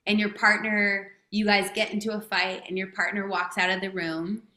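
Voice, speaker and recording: A woman's voice: medium pitch, flat delivery, moderate pace, pushed and bright, roomy sound. A woman speaking as a guest coach in a podcast interview, talking casually and emphatically and swearing freely.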